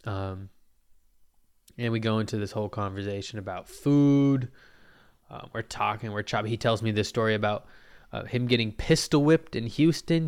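A man talks alone into a podcast mic, rambling through a story with plenty of swearing and big swings in delivery. His voice is smooth and resonant at a mid pitch, with a phlegmy catch in the throat. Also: a little fast. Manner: profane, rambling, animated storyteller. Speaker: podcast host. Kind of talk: casual solo podcast storytelling. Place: Portland.

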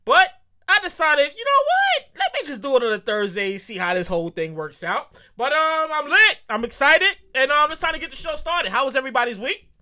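A man hosting his own podcast in a casual, comedic monologue, repeating himself, swearing freely and breaking into high squeals of delight. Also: a little fast. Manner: animated, repetitive, profane, bursts into high squeals. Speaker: podcast host.

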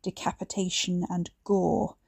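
A woman reading a serialized story as its narrator, in an even, measured way. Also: on the low side, vocal fry, husky, no echo, studio quality. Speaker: audiobook narrator. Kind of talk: scripted narration.

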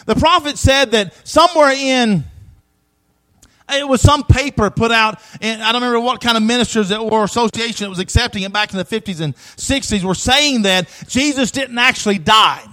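A man preaching a sermon with emphatic repetition, swinging between loud declarations and hushed asides, and calling on the congregation for responses. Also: very high voice, normal speed, poor audio.

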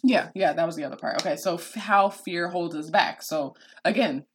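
A woman's voice: fairly low pitch, moderate pace, a little hiss or hum. A woman hosting a casual podcast chat, telling stories with lots of expression. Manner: animated storyteller, acts out voices. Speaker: podcast host.

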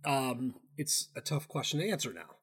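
A man's voice: mid-range voice, big pitch swings, moderate pace, fairly bright tone, slightly rough. A man co-hosting a casual sports betting chat, loose and profane, rambling with restarts. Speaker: podcast co-host.

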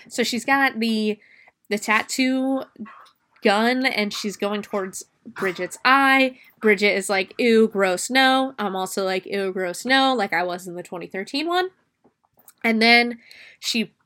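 A woman's voice: medium pitch, pushed and bright. A young woman casually recapping a film scene by scene, chatty and swearing freely. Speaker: movie reviewer. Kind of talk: casual spoken movie recap.

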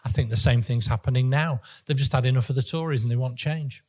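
A man with a slightly husky voice co-hosts a casual political podcast. He talks in an opinionated way and often stumbles and restarts mid-sentence. His pitch sits in a middle range for a man. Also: fast, a little mellow. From Northern England. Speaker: podcast co-host.

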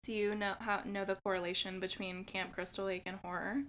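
A woman's voice: mid-range voice, flat delivery, a little fast, a bit bright. A woman co-hosting a podcast, chatting casually, swearing and using lots of "like". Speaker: podcast co-host. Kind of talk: casual chat.

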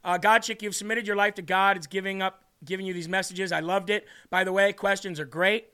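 Male podcast host, bright and high, earnest and a little teary while reading live chat. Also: fairly even intonation, a little fast, clear, resonant tone. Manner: earnest, emotional, reads comments aloud. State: tearing up.

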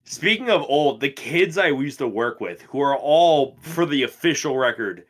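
A man in his twenties co-hosting a podcast, telling stories in a casual, profane and animated way. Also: medium pitch, moderate pace. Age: 20s. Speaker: podcast co-host. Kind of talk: casual chat.

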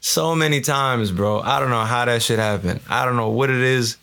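A man's voice: medium pitch, moderate pace, creaky. A young man co-hosting a casual chat podcast, telling stories with lots of laughter and acted-out voices. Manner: animated storyteller, acts out party voices, laughs often. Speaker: podcast co-host.

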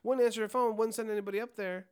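A young man and podcast co-host telling an animated, swear-filled story in casual chat. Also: high-pitched, racing, smooth.

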